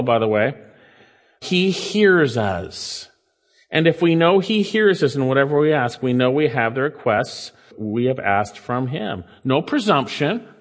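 A man preaching a sermon, reading scripture aloud and explaining it, swinging from emphatic highs to hushed, low asides. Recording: long reverb of a large hall.

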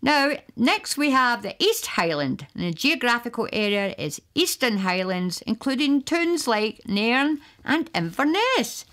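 A woman presenting on community radio, chatty and quick to laugh. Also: fairly high pitch, big pitch swings, a bit bright.

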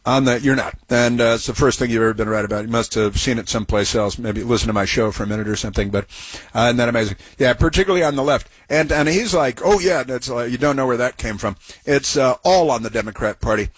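A man's voice: medium pitch, fast, breathy edge, no echo. A man hosting a radio talk show, giving scornful, opinionated commentary full of "uh"s. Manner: scornful, sarcastic, many filler "uh"s.

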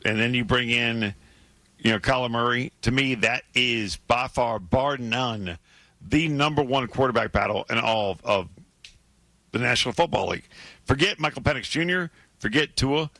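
A man's voice: medium pitch, normal speed, pushed and bright, no echo. A man co-hosting a sports radio show, losing his voice, emphatic and repeating words as he argues his point.

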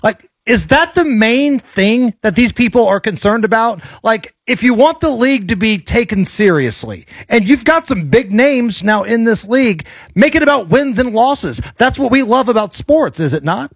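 A man's voice: very high voice, expressive, moderate pace, hardly any pauses, husky, no room sound. A man co-hosting a sports talk radio show in a radio studio, hyped and enthusiastic.

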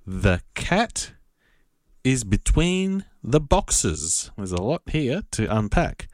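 A man giving a patient, casual spoken lesson, repeating words slowly and spelling them out. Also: mid-range voice, sing-song, dry recording, clean studio sound. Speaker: Italian language teacher.

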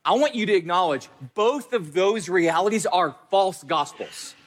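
A man's voice: sits high, animated, normal speed. A male pastor preaching a sermon, speaking emphatically and repeating phrases for stress.

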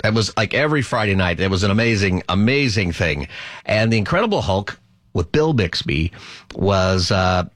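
A middle-aged man hosts a call-in radio talk show, chatty and rambling and often laughing. His voice is on the low side with lively intonation, normal speed and a fairly bright tone, recorded dry with clean studio sound.

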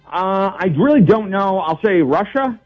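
A man's voice: high voice, expressive, moderate pace, faint music behind. A man from Rochester calling in to a radio quiz show and guessing answers hesitantly. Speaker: caller. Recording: tinny phone line.

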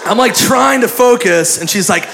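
Male stand-up comic, high voice, gravelly fry, animated and profane, live audience laughing, noisy room. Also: moderate pace, a crowd in the background. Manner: animated, profane, self-mocking. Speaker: stand-up comedian. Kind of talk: stand-up storytelling.

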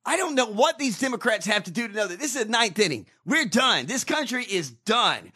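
A man on a podcast, ranting loudly about politics with heavy swearing. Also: sits high, big pitch swings, a little fast, husky. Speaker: podcast host. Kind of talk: profane political rant.

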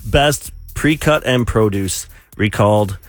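A man's voice: lowish voice, slow pace, no echo, faint music behind. A man hosting a casual radio show, teasing his co-hosts and reading short news items.

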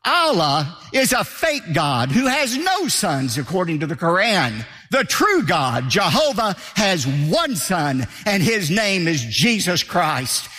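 A man's voice: high voice, sharp tone, in a large hall. A man preaching a sermon as pastor, emphatic, repeating key phrases.

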